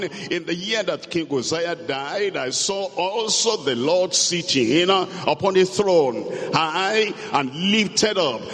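Male pastor, sermon, fairly high voice, unhurried delivery, long church reverb. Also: a bit bright. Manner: slow, emphatic preaching that builds in volume. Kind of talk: sermon with scripture reading. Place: church hall. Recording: long echoing hall reverb.

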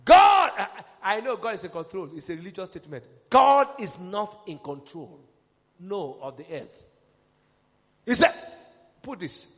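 A man preaching a sermon, emphatic and rousing, calling questions to his congregation and rising into shouts. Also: high-pitched, very animated, a little slow, long reverb tail.

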